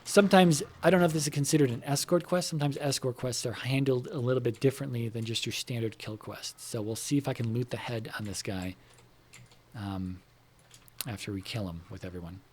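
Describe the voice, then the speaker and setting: Playing a game in his home computer room, a man meanders through casual talk with viewers, dropping fillers, swear words and remarks about the game. He speaks briskly in a medium-pitched, slightly rough voice.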